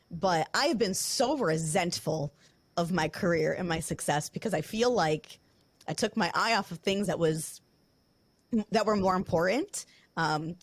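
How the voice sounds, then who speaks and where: A woman hosting a podcast, speaking candidly and close to tears, rushing through her thoughts in quick bursts. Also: fairly low pitch, no room sound. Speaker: podcast host. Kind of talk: emotional podcast conversation. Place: studio building.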